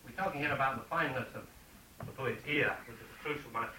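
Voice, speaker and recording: A man gives a poetry lecture to a class, pausing often with ums and reading lines slowly to stress their beats. He is recorded from a distance in a roomy classroom, with steady noise behind him. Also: medium pitch. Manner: halting, many ums, reads verse slowly with stressed beats. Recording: echoey room from far off, noisy.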